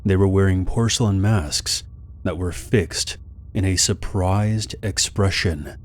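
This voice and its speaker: A man with a low, deep voice reads a horror story aloud. His delivery is calm and steady, like scripted narration for a scary story channel. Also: takes it slowly.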